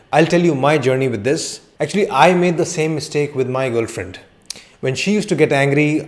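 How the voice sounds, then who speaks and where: Man talking calmly to camera. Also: mid-range voice. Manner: direct, conversational, uses rhetorical questions. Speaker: counselling psychologist. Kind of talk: educational talk to camera.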